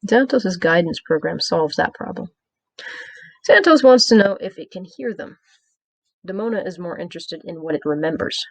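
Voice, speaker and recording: A woman with a fairly low voice reads her own episode review aloud. She moves through the plot summary with wry, sarcastic asides and small stumbles. The sound is close and dry. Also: animated, moderate pace, vocal fry, no room sound. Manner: reads from a script with small hesitations. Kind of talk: read-aloud review with commentary.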